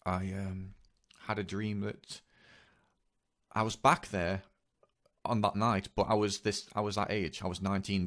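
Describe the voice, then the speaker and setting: A man telling a personal story in a confessional vlog, speaking haltingly and earnestly with many repeats. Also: low-pitched, a bit bright. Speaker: vlogger.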